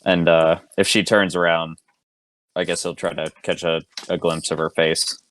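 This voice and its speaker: A deep-voiced man, hesitant player. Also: flat delivery, moderate pace, fairly bright tone, slight background noise. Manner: hesitant, thinking aloud. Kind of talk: playing a tabletop game. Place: home, online call.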